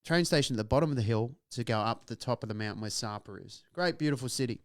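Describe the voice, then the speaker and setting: A man hosting a podcast, telling a story in a casual, animated way and swearing freely. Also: medium pitch, quick pace, no room sound, studio quality. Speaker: podcast host.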